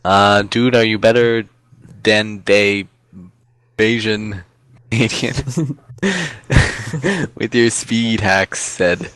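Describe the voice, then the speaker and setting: A man's voice: lowish voice, drawn-out words, long pauses, a bit bright, smooth, dry recording. A young man reading out fan questions over voice chat and teasing his friend in a dry way. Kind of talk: casual voice-chat Q&A.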